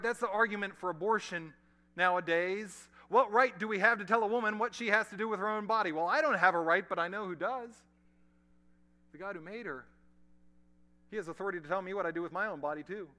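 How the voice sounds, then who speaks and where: Bright-voiced preacher man, loud then hushed. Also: fairly high pitch. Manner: dynamic preaching, swinging from loud emphasis to hushed near-whispers; conversational asides to the congregation. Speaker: pastor. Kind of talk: sermon. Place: large church hall.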